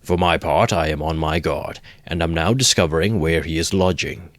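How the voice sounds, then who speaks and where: A man reading aloud, voicing a pompous, long-winded middle-aged gentleman. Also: low voice, steady tone, normal speed, no echo.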